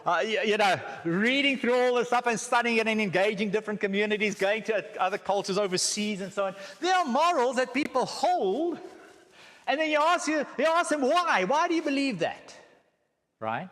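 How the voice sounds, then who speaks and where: A man's voice: sits high, brisk, a bit bright. A South African man giving a church teaching talk with slides, joking and asking the room rhetorical questions. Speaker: guest speaker. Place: church hall. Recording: echoey hall.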